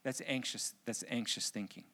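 A man's voice: medium pitch, normal speed, pushed and bright. A middle-aged man preaching as a pastor, telling funny family stories and acting out their voices. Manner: humorous storytelling, acts out family voices. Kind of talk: sermon.

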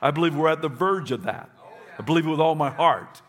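In church, a pastor delivers an emphatic, repetitive sermon, leading the congregation to repeat phrases after him. His voice is a little high, expressive and brisk.

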